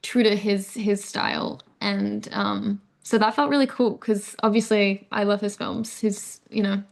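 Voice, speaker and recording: A young Australian woman chats about her work as an interview guest. She rambles a little, stacking fillers and restarting sentences. Her voice sits at an ordinary middle pitch. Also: fairly even intonation, a little slow, gravelly. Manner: chatty, many fillers and restarts. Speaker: actress guest. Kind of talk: casual interview chat.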